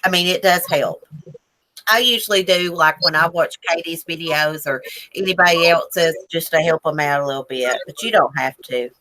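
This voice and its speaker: A woman's voice: low-pitched, moderate pace, pushed and bright, dry recording, rough recording. A woman from Northern Virginia hosting a casual live stream, chatting and greeting viewers by name. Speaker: livestream host.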